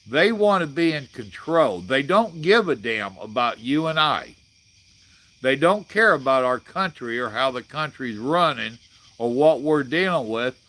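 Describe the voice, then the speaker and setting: A man's voice: medium pitch, animated, a little slow, bright, forceful tone. A man, hosting a casual live chat and reading viewer comments in a blunt, folksy way. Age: 60s. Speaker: livestream host.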